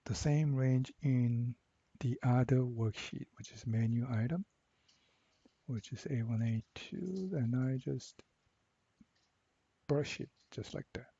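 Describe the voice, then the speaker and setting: A man walking through a software assignment step by step, repeating each instruction slowly. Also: mid-range voice, husky, dry recording, dull audio. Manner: slow, step-by-step, repeats cell names. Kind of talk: screen-recorded software tutorial.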